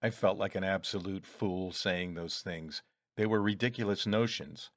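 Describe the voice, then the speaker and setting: A man reading a first-person story aloud in a measured, deliberate way. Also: low voice, fairly even intonation, no echo. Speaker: audiobook reader.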